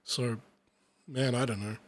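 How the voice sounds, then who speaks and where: A man's voice: mid-range voice, steady tone, measured pace, no room sound. A man in his thirties reading a picture book aloud, breaking off into rambling, sweary, self-deprecating asides. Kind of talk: casual reading aloud with commentary.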